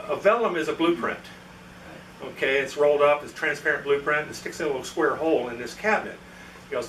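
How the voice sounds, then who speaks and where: Bright, echoey man telling a story. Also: a little high, fairly quick, long pauses, slight background noise. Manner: anecdotal, acts out quoted dialogue. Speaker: guest presenter at a club meeting. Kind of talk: storytelling talk to an audience. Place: meeting room. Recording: echoey room, mic from far off.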